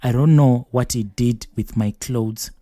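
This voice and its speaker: A man hosting a show who reads a listener's letter aloud in a steady, measured first-person delivery. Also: mid-range voice, no echo, clean studio sound. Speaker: host reading listener confessions.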